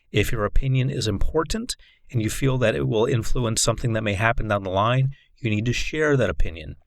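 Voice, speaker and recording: A man giving a recorded course lecture on coaching, in a measured, instructive way. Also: mid-range voice, dry recording. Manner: measured, instructive, deliberate delivery.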